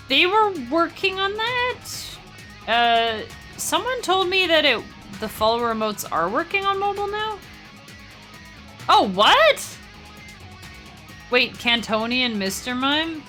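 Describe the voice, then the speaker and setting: A woman's voice: a little high, big pitch swings, bright, forceful tone, faint music behind. A young woman streaming a game live, chatting casually with her viewers and laughing easily. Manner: chatty, talks to chat, quick laughs. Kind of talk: casual live-stream chat while gaming.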